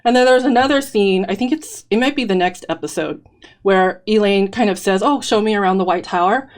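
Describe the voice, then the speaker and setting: A woman's voice: mid-range voice, a little fast. A woman co-hosting a casual fan podcast, eagerly laying out theories with lots of fillers and a bit out of breath. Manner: excited, theorizing, many fillers. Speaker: podcast co-host.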